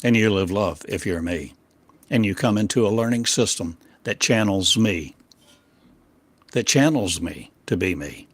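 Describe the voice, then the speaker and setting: A man speaking as a spiritual teacher gives a channeled sermon, firing off rhetorical questions in short, broken phrases that swing from loud emphasis to quiet, low drops. His intonation is lively, his pace measured, and his voice slightly rough, with no echo.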